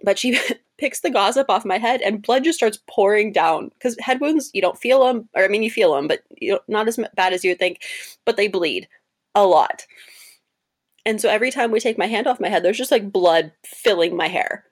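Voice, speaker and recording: Lively young woman telling a story. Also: moderate pace. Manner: animated, laughing storyteller, pitch jumps for quoted voices. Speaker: interview guest, cosplayer. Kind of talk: casual storytelling interview.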